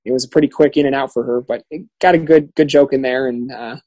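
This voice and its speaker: A man co-hosting a casual chat, agreeable and quick with many fillers. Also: medium pitch, fairly even intonation, mellow, dry recording, low-quality recording. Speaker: podcast co-host.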